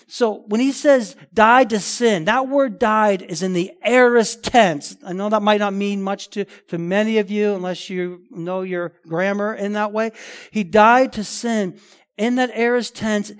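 A man preaching an expository sermon, emphatic, shifting between forceful declarations and quiet asides. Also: sits high, steady tone, a little slow, smooth. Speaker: pastor.

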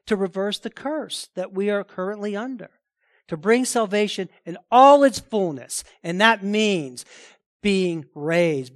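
Man, pastor, church sermon, high-pitched, emphatic. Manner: emphatic preaching with rising intensity; quiet reverent prayer. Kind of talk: sermon with scripture reading and prayer.

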